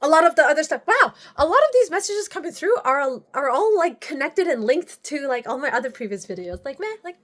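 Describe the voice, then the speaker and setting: High-voiced rambling spiritual woman vlogger. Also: big pitch swings, a little fast, few pauses, a bit bright. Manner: rambling, restarts often, swears casually. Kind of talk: casual spiritual check-in monologue.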